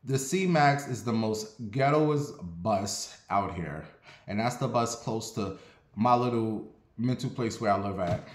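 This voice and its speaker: A man from Ohio telling a casual story in an animated, profane, dramatic way. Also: fairly low pitch, slow. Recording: roomy echo.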